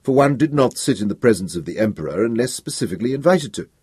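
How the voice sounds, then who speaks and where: A man narrating an audiobook with an expressive, dramatic reading. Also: medium pitch, quick pace, breathy edge, dry recording, clean studio sound.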